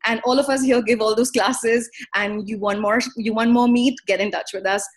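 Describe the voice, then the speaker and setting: A woman giving an earnest, animated motivational talk as a guest speaker on a call. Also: on the high side, normal speed.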